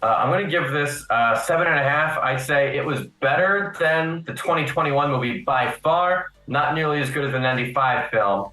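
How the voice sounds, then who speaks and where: A man chatting as a guest on a live panel stream, laying out his points calmly. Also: a little high, moderate pace, hardly any pauses, echoey room, rough recording. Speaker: guest YouTuber. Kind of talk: casual panel chat.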